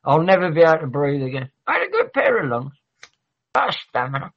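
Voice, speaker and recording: A man's voice: on the high side, wildly swooping pitch, fairly quick. A man talking in a rambling, sweary, argumentative way in a heated casual chat. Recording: dull lo-fi audio.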